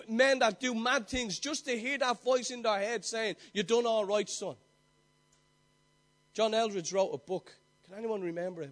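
A male preacher delivering a sermon, earnest, building his points through repeated phrases and asking the congregation direct questions. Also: high voice.

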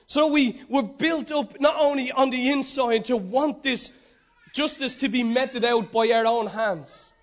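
A man preaches a sermon in a strikingly high voice for a man. He stresses his points and circles back to repeat them. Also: unhurried. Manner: emphatic, repeating key phrases.

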